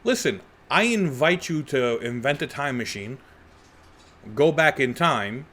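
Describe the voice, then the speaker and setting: A middle-aged man from Brooklyn with a New York accent, hosting a solo podcast and talking in an animated, conversational, rhetorical way. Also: mid-range voice, measured pace. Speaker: podcast host and comedian. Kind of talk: unscripted solo podcast monologue.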